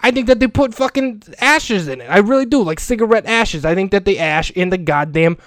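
A man's voice: sits high, expressive, fairly quick, dry recording, clean studio sound. A man playing a crude, foul-mouthed school janitor who rambles bluntly in an improvised comedy rant. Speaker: comedic character monologue.

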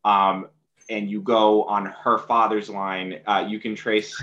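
A low-voiced man chats as a podcast guest, stopping and restarting with many ums and uhs. His audio sounds a little dull, like a remote line. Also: flat delivery, slow pace, pushed and bright. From New York City. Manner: hesitant, lots of fillers and restarts. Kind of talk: casual conversation.

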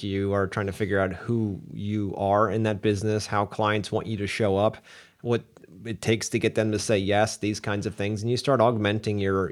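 A man hosts a podcast in a low, relaxed voice. He talks in an easygoing, reflective way and laughs often between thoughts. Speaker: podcast host. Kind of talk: casual podcast chat.

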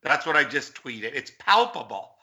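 A man's voice: mid-range voice, very animated, moderate pace, sharp tone. A middle-aged man, a political commentator, speaking earnestly and effusively as a talk show guest.

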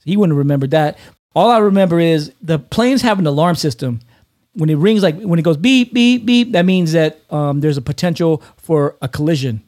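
A man in his fifties, a podcast host telling stories in casual chat, animated, swearing and laughing often. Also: fairly high pitch, fairly quick.

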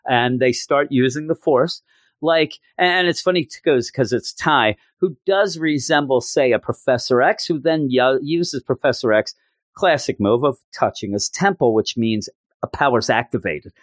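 A man casually recapping a story in an animated, joking, self-mocking way. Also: medium pitch, unhurried, no echo, clean studio sound.

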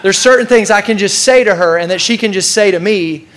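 A man preaching a casual, energetic sermon, repeating key lines and calling on the congregation to answer. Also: high voice, a little fast, slight background noise. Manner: casual, energetic preaching with repetition and audience call-outs. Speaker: pastor.

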